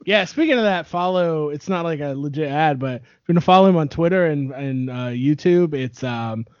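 High-voiced male co-host. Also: a little fast, a little mellow, no echo. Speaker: podcast co-host. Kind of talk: casual chat. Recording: dry, dull lo-fi sound.

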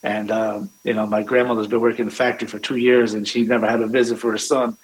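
A man's voice: fairly low pitch, flat delivery, fast talker, poor audio. A man, a restaurant owner, telling family stories in a rambling way, with many fillers and restarts. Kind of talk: conversational storytelling.

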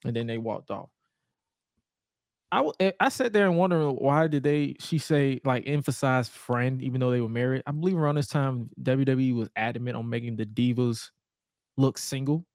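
Animated, profane man recapping wrestling. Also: medium pitch, normal speed, no room sound, studio quality. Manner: animated, profane recapping with mock-incredulous outbursts. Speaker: podcast co-host. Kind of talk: casual chat.

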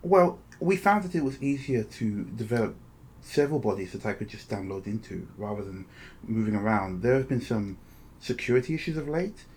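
A man's voice: lowish voice, lively intonation, fairly quick, a little mellow, slightly rough. A man voicing a small, feminine robot shaped like a kobold, speaking courteously and formally. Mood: polite.

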